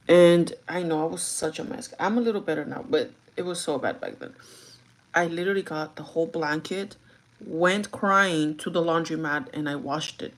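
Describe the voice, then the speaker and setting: A young woman telling a story to her viewers in an animated, chatty way while getting ready. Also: on the low side, normal speed. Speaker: vlogger. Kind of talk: get-ready-with-me storytime chat.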